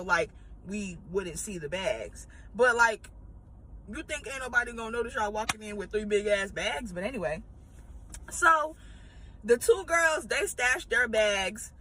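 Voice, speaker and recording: A woman's voice: on the high side, pushed and bright, a little hiss or hum, low-quality recording. A woman, a former retail manager, telling a casual storytime with profanity and rambling asides.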